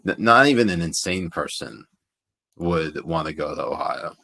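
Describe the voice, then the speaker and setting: Man with a very low voice, jokey co-host reading out audience comments. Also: animated, normal speed, gravelly, bright, forceful tone. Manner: jokey, laughs while reading viewer comments aloud. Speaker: co-host reading viewer chat. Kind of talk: casual livestream chat.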